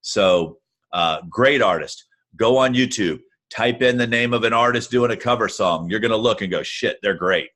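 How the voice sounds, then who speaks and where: This is a man with a low voice who is a guest on a Q&A call. His advice comes out blunt and matter-of-fact, and he talks straight to listeners over a video call. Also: normal speed, a bit bright. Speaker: guest music-industry adviser. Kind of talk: casual advice in a Q&A.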